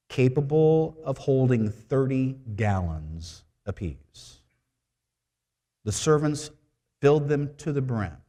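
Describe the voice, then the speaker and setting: A man preaching a sermon to his congregation, telling a story with asides to the listeners and swinging between loud and hushed moments. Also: medium pitch. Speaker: preaching minister. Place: church sanctuary.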